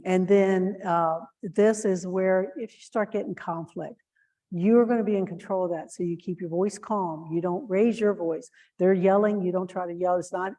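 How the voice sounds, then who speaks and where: In a dark-toned, medium-pitched voice, a woman runs an earnest training session for shelter volunteers, stumbling through fillers and restarts. When she demonstrates example phrases, she raises her voice to act them out.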